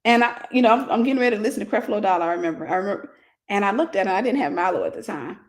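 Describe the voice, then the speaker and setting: A woman's voice: medium pitch, lively intonation, very fast. A woman minister in her forties telling a personal story in a casual livestream sermon, greeting viewers by name.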